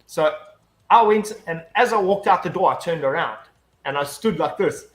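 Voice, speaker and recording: Animated man telling a rambling story. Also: on the high side, normal speed. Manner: rambling storyteller, heavy swearing, frequent restarts. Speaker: guest. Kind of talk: casual chat, telling an anecdote.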